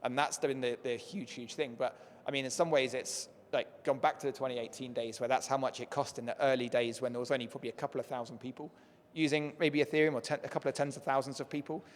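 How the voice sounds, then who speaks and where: A man speaking on a conference panel, explaining with lots of filler words, his voice going hoarse as he keeps clearing his throat. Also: medium pitch, steady tone, fast. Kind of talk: panel discussion. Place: conference stage. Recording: echoey conference hall.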